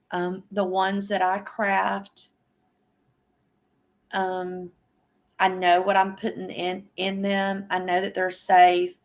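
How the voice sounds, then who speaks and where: A middle-aged woman hosting a casual livestream chat, speaking affectionately and answering viewers' comments by name. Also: mid-range voice. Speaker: livestream host.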